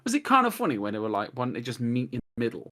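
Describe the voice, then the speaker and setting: An English man chatting as a podcast guest, rambling excitedly through stories, swearing and laughing, on a cheap microphone over a video call. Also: mid-range voice, very fast. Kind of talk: casual chat. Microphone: cheap desktop mic on a video call.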